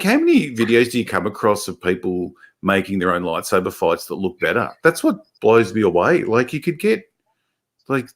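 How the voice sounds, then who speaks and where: Sex: man. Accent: Australian. Pitch: very low. Style: rambling livestream chat. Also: fairly bright tone. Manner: rambling, swears freely, many restarts and fillers. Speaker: livestream host. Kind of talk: casual livestream chat reading viewer comments.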